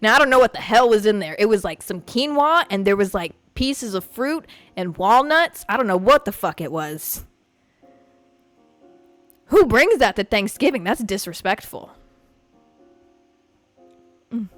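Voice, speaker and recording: A young woman from a Puerto Rican family hosting a podcast, telling a story in a profane, animated rant. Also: mid-range voice, measured pace, long pauses, no room sound, faint music behind. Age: young adult. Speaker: podcast host. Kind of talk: casual storytelling monologue.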